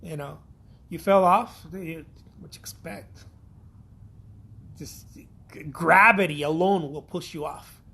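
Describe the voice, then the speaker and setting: Husky high-voiced man. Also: slow, long pauses, bright, forceful tone. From Mexico. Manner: blunt, profane, repetitive pep talk. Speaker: artist. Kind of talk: casual motivational talk.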